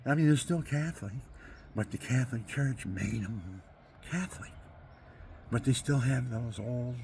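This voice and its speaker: An older man delivering a rambling, preachy monologue. He swings between hushed murmurs and loud outbursts. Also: medium pitch, normal speed, a little hiss or hum. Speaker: amateur guitarist and video maker.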